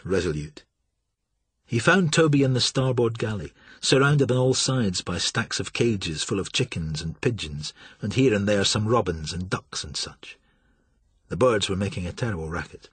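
A man narrating an audiobook with a low, husky voice and measured, steady delivery. The sound is close and dry, with no room around it. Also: dry recording. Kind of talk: scripted narration.

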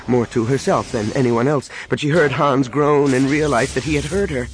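A man narrating an action novel in a dramatic, expressive storytelling manner. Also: medium pitch, normal speed. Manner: expressive storytelling with acted voices. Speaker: audiobook narrator. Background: cinematic music.

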